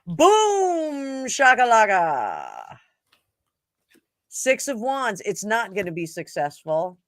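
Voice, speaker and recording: A woman's voice: medium pitch, lively intonation, a little slow, no room sound, clean studio sound. A woman from New Jersey co-hosting a tarot show in casual, joking chat, laughing often. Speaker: tarot reader co-host.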